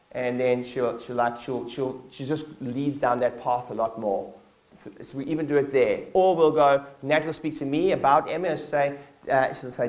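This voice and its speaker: A man giving a live keynote talk to his staff at a company conference, energetic and blunt, swearing casually and acting out little scenes. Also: a little high, a little fast. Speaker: business owner addressing his staff.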